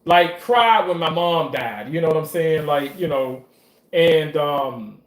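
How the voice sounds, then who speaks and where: A man talking in a casual monologue about his work in surgery, animated, profane and emotional as he tells stories. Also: a little high, takes it slowly. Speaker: surgical staff commentator. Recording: roomy echo.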